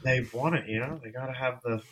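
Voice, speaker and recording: A man's voice: medium pitch, brisk, a bit bright, a little hiss or hum. A man talking as an interview guest, a filmmaker speaking candidly and rambling with frequent restarts. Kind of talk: casual interview chat.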